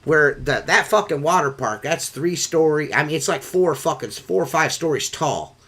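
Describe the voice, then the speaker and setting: A man hosting a podcast, telling stories in a profane, animated casual chat. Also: on the high side, normal speed, a little hiss or hum. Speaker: podcast host.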